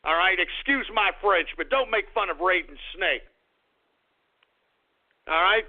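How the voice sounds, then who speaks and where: A man hosting a call-in radio show, ranting angrily and swearing with a profane shouting manner. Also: sits high, lively intonation, unhurried. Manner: angry, profane shouting rants. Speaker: radio host. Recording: tinny lo-fi radio sound.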